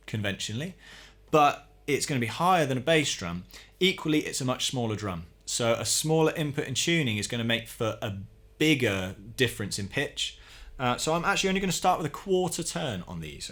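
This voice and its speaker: A man giving a calm, methodical hands-on tutorial, explaining each step as he works on a drum. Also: on the high side. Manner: calm, methodical, talks while working. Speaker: drum teacher.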